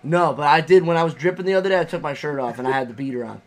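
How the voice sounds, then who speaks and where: A young man co-hosting a casual chat, animated and profane, acting out his own reactions as he tells stories. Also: fairly high pitch, very fast. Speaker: podcast co-host.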